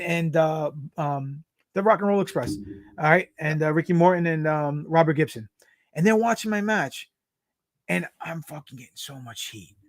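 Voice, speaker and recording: Profane, animated wrestler with a high voice. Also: male voice, no room sound, clean studio sound. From United States. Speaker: professional wrestler guest. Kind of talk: casual storytelling interview.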